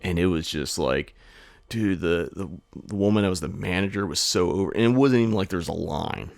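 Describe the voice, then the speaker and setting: A man's voice: sits low, a little fast, vocal fry, dry recording, studio quality. A man co-hosting a podcast, telling a rambling story in casual chat and swearing often. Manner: rambling storyteller, swears a lot, animated when mimicking people. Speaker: podcast co-host.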